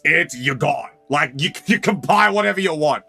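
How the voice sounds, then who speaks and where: A man's voice: on the high side, expressive, normal speed, vocal fry, pushed and bright, slightly rough, soft background music. A young Australian man chatting casually on a card-opening stream, rambling and slangy and often repeating himself. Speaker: streamer opening trading cards. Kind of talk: casual live chat.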